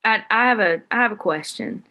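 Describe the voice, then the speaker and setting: A woman podcast host speaking casually in a measured, thoughtful way, pausing on fillers as she frames her question. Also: medium pitch, highs cut off. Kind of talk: casual chat.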